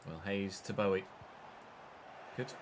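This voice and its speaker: A man streaming a football video game, giving an excitable, sweary running commentary on the play. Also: low voice, slow pace, a little hiss or hum. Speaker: gaming streamer. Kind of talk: live gameplay commentary.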